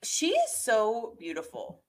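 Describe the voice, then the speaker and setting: A woman's voice: a little high, huge pitch swings, a loud crowd. A woman co-hosting a casual review chat, dry and teasing in her remarks. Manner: dry, teasing, drawn-out delivery. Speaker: podcast co-host.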